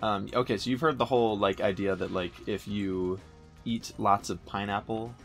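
A man's voice: fairly low pitch, steady tone. A young man co-hosting a let's play, joking crudely and laughing through casual banter. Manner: fast, laughing, jokey. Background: game music.

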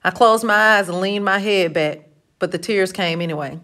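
A woman narrating a novel in the first person for an audiobook, telling it in a steady, lightly expressive way. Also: medium pitch, moderate pace.

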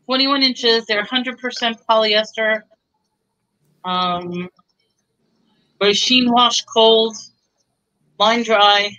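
A woman pitching bargains on a live stream in a chatty, bubbly way. Her voice is bright and forward, and she keeps talking up each deal as she shows the items. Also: very slow, pauses often, dull audio. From Texas. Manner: chatty, bubbly, pushes deals. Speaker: seller on a live online auction.

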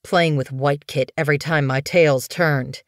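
A woman's voice: low voice, fairly even intonation, a little slow, no echo. A harsh tom cat warrior, menacing and commanding, his words coming out as growls, as a woman reads him in an audiobook. The voice sits close and dry with no room around it. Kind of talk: audiobook character voice.

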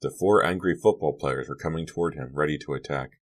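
A man's voice: extremely low pitch, a little fast. A man reading a teen horror novel aloud as an audiobook narrator, lifting his voice for the characters' lines.

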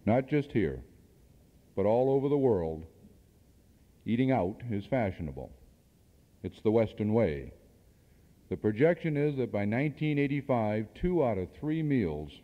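A man's voice: fairly low pitch, very animated, measured pace, pauses often. A man addresses a seminar audience, pressing his points with rhetorical questions and the odd dry aside. The sound comes from worn cassette tape, muffled and lo-fi, with a long reverb trailing off the walls of a hall. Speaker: seminar speaker. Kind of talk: speech to an audience.

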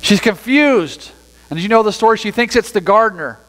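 A man preaching a sermon as pastor, reading scripture aloud and then explaining it in a relaxed, conversational way. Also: sits high, fairly quick, big-room sound, rough recording. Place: church sanctuary.

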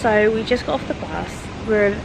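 A woman's voice: medium pitch, moderate pace, vocal fry, very noisy. A young woman vlogging casually, chatty and openly emotional as she talks to camera. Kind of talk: casual travel vlog.

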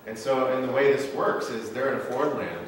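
Chatty pastor in an echoey church. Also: male voice, medium pitch, brisk, slight background noise. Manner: chatty, playful storyteller. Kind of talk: casual conversational sermon. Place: church sanctuary. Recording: echoey sanctuary, mic from far off.

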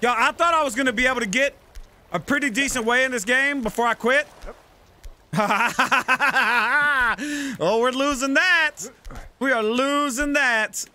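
A man giving gaming commentary, talking himself through moves and yelling and swearing at the game. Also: extremely high pitch, unhurried. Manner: swears a lot and yells at the game. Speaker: let's play gamer.

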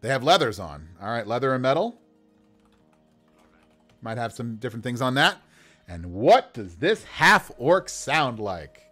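Brief: male streamer GM, excitable and animated, faint music underneath. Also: medium pitch, measured pace, pauses often. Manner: enthusiastic, talks to viewers, laughs often. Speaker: game master building characters. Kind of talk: casual livestream dice-rolling chat.

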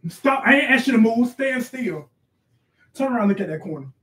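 A man playing a loud, bossy middle-aged mother who rants and scolds in slangy speech for a comedy sketch. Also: very high-pitched, expressive, moderate pace, far from the mic. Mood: scolding. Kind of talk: improvised comedy sketch, live-stream parody.

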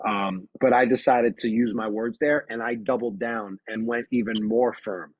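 Husky-voiced man giving firm emphatic advice. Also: medium pitch, fairly even intonation, moderate pace, no room sound, low-quality recording. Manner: emphatic and firm, repeats key phrases. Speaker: basketball referee trainer. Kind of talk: webinar presentation.

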